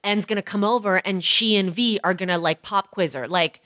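A woman's voice: medium pitch, fairly quick, fairly bright tone. A woman co-hosting an advice podcast, blunt and sarcastic, swearing in casual chat. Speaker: podcast co-host.

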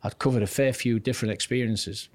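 A man's voice: medium pitch, steady tone, quick pace, darkish tone, no room sound. An older man, a former goalkeeping coach, telling stories of his career as a guest on a podcast. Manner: anecdotal, recounts career step by step. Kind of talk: relaxed storytelling interview.

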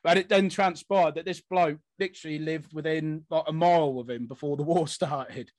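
A man's voice: on the high side, steady tone, normal speed, a little mellow, dry recording. A man co-hosting a history podcast, telling stories loosely and circling back on himself with repeated phrases. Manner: loose, repetitive storytelling with many restarts. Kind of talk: casual conversation.

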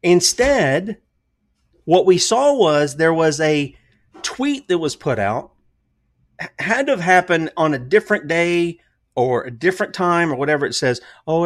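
Emphatic man firing rhetorical questions. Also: on the high side. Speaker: commentary show host. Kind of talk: casual political commentary.

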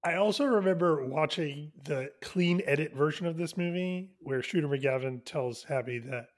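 A man co-hosting a podcast in casual chat, partly talking softly and whispering. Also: on the high side, moderate pace. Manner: chatty, whispering later to keep quiet. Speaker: podcast co-host.

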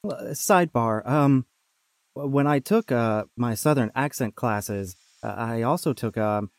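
A man's voice: medium pitch, expressive, unhurried, no room sound, natural voice. A man playing a wry, mock-serious co-host on a comedy podcast.

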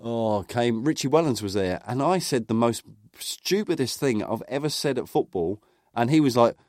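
A man's voice: medium pitch, lively intonation, normal speed, darkish tone, dry recording, clean studio sound. Rambling man telling football stories. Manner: rambling anecdotal storyteller, lots of fillers and restarts. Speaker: podcast co-host. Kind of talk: casual football podcast chat.

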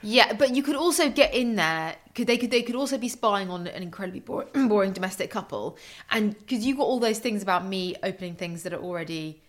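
A woman's voice: medium pitch, lively intonation, a little fast. Woman co-host chiming in casually. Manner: responsive, short agreeing interjections. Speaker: podcast co-host. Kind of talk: casual chat. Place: home kitchen.

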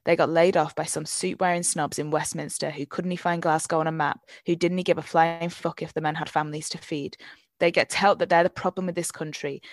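Woman reading as a weary bitter older neighbour, plain reading voice, low pitch, dry close sound. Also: dry recording. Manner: plain reading, no put-on accent. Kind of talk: reading a novel passage aloud.

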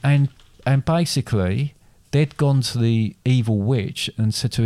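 A man's voice: mid-range voice, a little slow, warm tone, dry recording. A man casually retelling a fairy tale in a chat, rambling and correcting himself as he goes. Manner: rambling, self-correcting storyteller.

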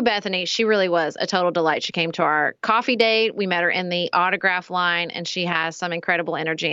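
A woman co-hosting a podcast, chatting in an animated, playful way. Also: fairly low pitch, smooth, dry recording, lo-fi sound. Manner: animated, playful, puts on voices when quoting. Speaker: podcast co-host. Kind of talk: casual chat.

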